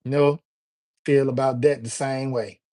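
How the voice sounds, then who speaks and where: A man's voice: mid-range voice, fairly even intonation, measured pace, mellow. A man from Alabama, hosting a casual livestream and chatting in a laid-back, slangy way while greeting viewers by name. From Alabama, USA. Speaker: livestream host.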